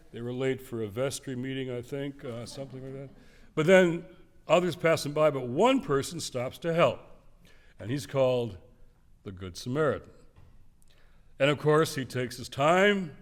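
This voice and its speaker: An older man giving a public lecture, telling stories in an animated way and acting out the voices of the people he quotes. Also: mid-range voice, unhurried. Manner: animated storyteller, acts out quoted voices with swings in loudness.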